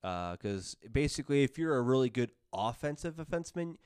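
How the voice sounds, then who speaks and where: A man's voice: mid-range voice, expressive, brisk, a little mellow, clear, resonant tone, dry recording, clean studio sound. A man hosting a casual sports podcast, rambling with many fillers and self-corrections. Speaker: podcast host.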